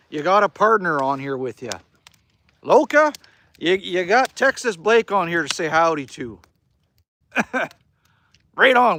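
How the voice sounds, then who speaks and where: Canadian male streamer, high and animated, rambling casual chat, a little salty. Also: a little hiss or hum. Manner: chatty, rambling, casually swears. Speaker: livestream host. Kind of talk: casual live-stream chat reading viewer comments. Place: outdoors by a fire.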